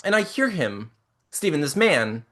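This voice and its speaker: Animated young man telling a rambling story. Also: a little high, a little slow. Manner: animated, rambling, acts out quotes. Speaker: podcast co-host. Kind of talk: casual storytelling chat.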